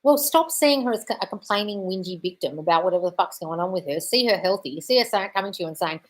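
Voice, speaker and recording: A woman's voice: medium pitch, expressive, fast. Blunt, swearing woman coach on a live stream. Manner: blunt, swears freely, calls viewers darling. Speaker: manifestation coach. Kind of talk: live-stream Q&A reading chat.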